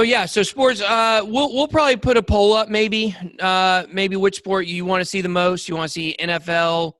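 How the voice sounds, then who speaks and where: Chatty man with a higher voice. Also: a bit bright, no room sound, studio quality. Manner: rambling, jokey storyteller with many fillers. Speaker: podcast co-host. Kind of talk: casual chat.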